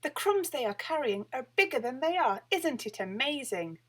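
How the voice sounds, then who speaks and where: A woman voicing an excitable, scatterbrained female witch in a storybook reading, with a high exclaiming voice. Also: moderate pace. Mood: excited.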